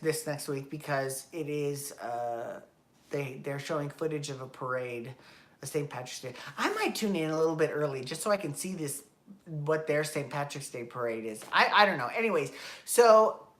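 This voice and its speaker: A woman with a deep, fairly bright voice runs her own show, offering rambling solo commentary. She swears without holding back and corrects herself as she goes.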